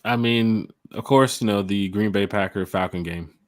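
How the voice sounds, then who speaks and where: Low-voiced, relaxed man co-hosting. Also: normal speed, no echo, studio quality. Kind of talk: casual fan chat.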